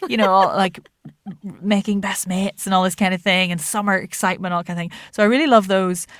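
A woman who is a voice actor and accent coach, chatting as a podcast guest in an animated way, laughing often and using many fillers. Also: mid-range voice, brisk, no room sound, clean studio sound. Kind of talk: casual interview chat.

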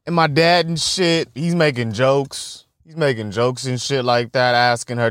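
A man's voice: mid-range voice, unhurried, few pauses, fairly bright tone, clean tone, dry recording, clean studio sound. A young man hosting a solo podcast, telling stories in a loose, profane, rambling way and laughing often. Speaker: podcast host. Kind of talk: casual solo podcast storytelling.

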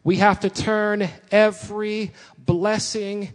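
Male pastor, high voice, preaching in a long echoing sanctuary. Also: level tone, slow. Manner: preaching with rising emphasis and repeated lines. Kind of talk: sermon.

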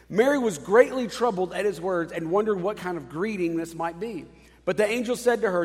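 A man's voice: high-pitched, normal speed. Man preaching in an echoing hall. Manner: conversational, animated with asides. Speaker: pastor. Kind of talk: sermon.

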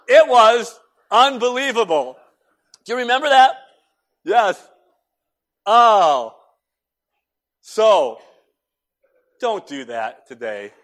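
A man preaching a sermon as pastor, telling stories with animated swings between hushed and loud delivery in a church. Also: sits high, slow, pauses often. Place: church sanctuary.

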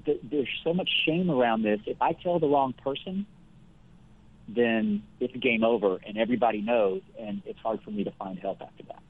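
A man speaking as the guest counselor in a conversational interview, explaining things earnestly and in a measured way, with everyday examples. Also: mid-range voice, breathy edge. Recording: phone-like thin line.

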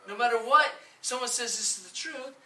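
A woman's voice: a little high, fairly quick, pushed and bright, far from the mic, a little hiss or hum. A woman preaching a sermon with emphasis, asking the room questions and acting out quoted voices. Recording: echoey room, voice from off the mic.

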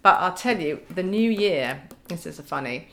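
A woman's voice: on the low side, expressive, normal speed, a bit bright. Wry laughing Englishwoman telling hospital anecdotes. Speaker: podcast guest. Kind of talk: casual storytelling chat.

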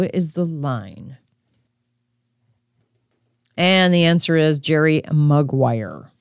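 Lively low-voiced woman podcast host. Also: drawn-out words, vocal fry, pauses often, smooth, no room sound, studio quality. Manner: chatty, talks straight to the listener. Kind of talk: casual quiz podcast chat.

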